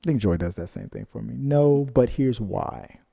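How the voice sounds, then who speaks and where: A man's voice: lowish voice, animated, normal speed, gravelly, dark tone, slightly rough. A man co-hosting a reaction channel, chatting casually as he reads out viewer comments, rambling into side stories and then apologizing for them. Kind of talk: casual chat.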